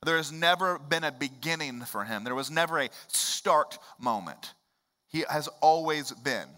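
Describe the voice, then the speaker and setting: Bright-voiced preacher man. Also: fairly high pitch, expressive, unhurried. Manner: conversational preaching with sudden loud emphatic rises. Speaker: pastor. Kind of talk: sermon.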